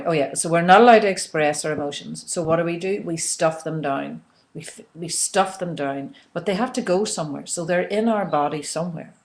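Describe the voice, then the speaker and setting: Lower-voiced woman coaching calmly. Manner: calm coaching, checks in often with "okay?"; leads slow breathing and soft repeated release phrases. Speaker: self-help coach. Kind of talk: guided instructional talk on emotional tapping.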